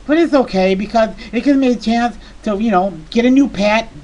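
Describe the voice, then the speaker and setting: A performer voicing a small, childlike, excitable male character telling a comic story in a rambling, giddy way with lots of fillers. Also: mid-range voice, brisk, dull audio, close to an everyday voice. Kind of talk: comedic monologue.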